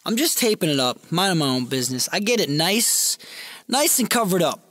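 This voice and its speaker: A man telling a crude comic story on a livestream in a brash, animated way. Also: high-pitched, fairly quick, a little hiss or hum.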